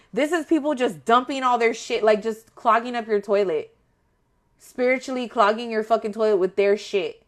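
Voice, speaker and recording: Blunt, profane woman tarot reader. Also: medium pitch. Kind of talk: casual spoken tarot reading.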